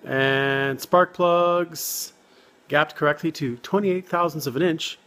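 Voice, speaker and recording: A man's voice: a little high, fairly even intonation, takes it slowly, bright, forceful tone. A man filming a casual garage vlog, talking while he works on an old car, jokey and self-deprecating. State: out of breath. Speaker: car hobbyist vlogger. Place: home garage and driveway.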